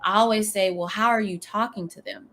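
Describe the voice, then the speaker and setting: A business coach from New Orleans talks with a Southern accent touched by Texas twang. She is emphatic and animated, often acting out what clients say. Her voice is bright and forceful. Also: mid-range voice, brisk. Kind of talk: live-stream interview, casual advice.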